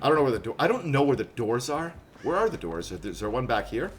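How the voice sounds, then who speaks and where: A man streaming a horror game live, chatting with viewers and teammates, quick to laugh and yelp in surprise. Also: mid-range voice, big pitch swings, a little hiss or hum. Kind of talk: live gameplay commentary.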